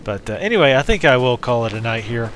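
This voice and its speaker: A man's voice: medium pitch, sing-song, fast talker, a bit bright, slight background noise. A man hosting a let's play, giving casual, rambling, jokey commentary while he plays.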